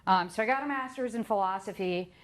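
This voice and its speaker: A middle-aged woman giving a talk, telling her own story with lively asides and acted-out quotes. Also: mid-range voice, fast talker. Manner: lively storytelling, acts out quoted voices, laughs at herself. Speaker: conference speaker.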